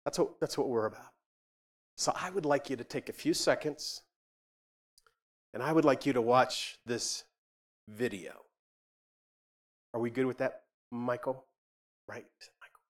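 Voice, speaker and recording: A man preaching to a church, telling a personal story and acting out the dialogue, shifting between loud and quiet. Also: mid-range voice, measured pace, long pauses. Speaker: ministry leader speaking to a church.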